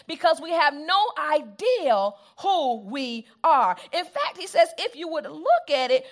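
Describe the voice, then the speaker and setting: A woman preaching a sermon, repeating phrases for emphasis and calling on the congregation to answer back. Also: high-pitched.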